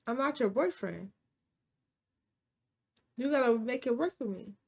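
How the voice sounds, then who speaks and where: A woman's voice: fairly high pitch, animated, unhurried, gravelly, a little mellow, slightly rough, exaggerated voice. A woman quoting a cheating husband in her own storytelling voice, pleading and shifting blame. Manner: pleading then blaming.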